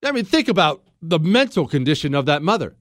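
A male radio talk show host speaks emphatically and jokes at his own expense. His voice is high and swings widely in pitch. The studio sound is dry and close. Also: big pitch swings, fairly quick, a bit bright, dry recording. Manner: emphatic, self-deprecating humor, frequent restarts. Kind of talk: animated storytelling and political commentary.

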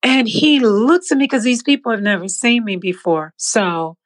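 A woman telling her personal testimony in an interview, animated, acting out the voices in her story and laughing often. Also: mid-range voice, normal speed. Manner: animated, acts out quoted voices. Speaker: interview guest.

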